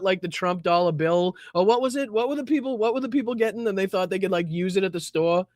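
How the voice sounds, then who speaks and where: A man's voice: high-pitched, fast, few pauses, no echo, clean studio sound. A man hosting a livestream of political commentary, talking in a sarcastic, scornful way with frequent laughter.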